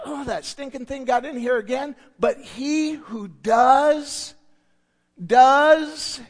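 A man preaching a sermon as a pastor. He is emphatic, drops to hushed asides, builds to shouted points and repeats key words for effect. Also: very high voice. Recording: long reverb of a large hall.

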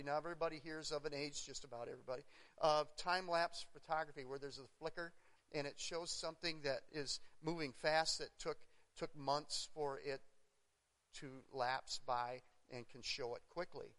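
A middle-aged man with a fairly high voice preaches in earnest to his congregation. He leans on repetition and sharp emphasis. His words ring with the long reverb of a church sanctuary. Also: steady tone, moderate pace. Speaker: pastor. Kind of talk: sermon.

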